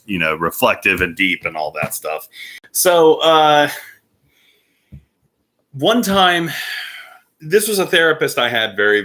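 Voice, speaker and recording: Animated man telling a story. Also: fairly low pitch. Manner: animated, with frequent fillers. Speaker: vlogger. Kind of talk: casual storytelling.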